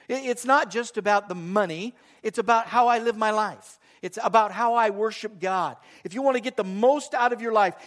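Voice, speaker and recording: In church, a middle-aged male pastor with a high, fairly bright voice preaches a sermon. His delivery is earnest, though he interrupts it now and then with joking asides.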